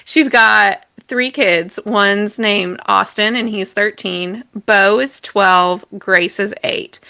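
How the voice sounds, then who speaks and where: A woman's voice: fairly high pitch, sharp tone, clear, resonant tone, no room sound. A woman co-hosting a podcast, telling a story in a chatty way, laughing often and correcting herself. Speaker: podcast co-host. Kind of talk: casual storytelling chat.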